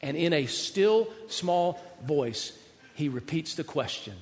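A man preaching a sermon, swinging from loud emphasis to hushed near-whispers and acting out God's voice in paraphrase. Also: a little high, animated, takes it slowly, long reverb tail. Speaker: pastor.

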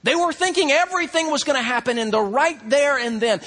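A man preaching a sermon, acting out crowd voices and swinging between loud excitement and hushed intensity. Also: very high-pitched, a little fast, few pauses. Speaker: pastor.

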